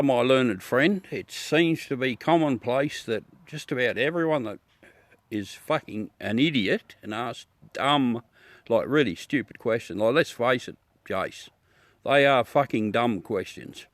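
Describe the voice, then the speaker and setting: In a mid-range voice with no echo, a middle-aged Australian man runs a livestream and talks casually with the people watching live. He laughs, cracks jokes and swears throughout.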